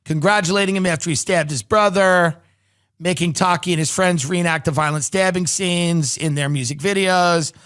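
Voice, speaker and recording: Sardonic male comic host, thirties, reading news aloud and riffing; high, bright voice. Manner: sardonic, reads news articles aloud and riffs on them. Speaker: podcast host. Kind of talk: comedic commentary.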